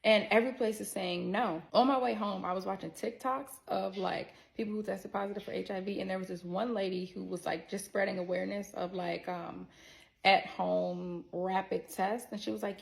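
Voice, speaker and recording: Candid woman with a gravelly voice. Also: mid-range voice, moderate pace, poor audio. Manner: animated, candid, swears freely and talks straight to viewers. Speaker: vlogger telling a personal story. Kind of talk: casual storytelling to camera.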